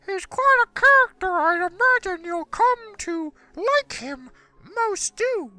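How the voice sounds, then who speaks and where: A man voicing a polite, refined teenage schoolgirl in a high falsetto while reading a game. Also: animated, takes it slowly, sharp tone, no room sound, soft background music, heavily acted. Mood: gentle.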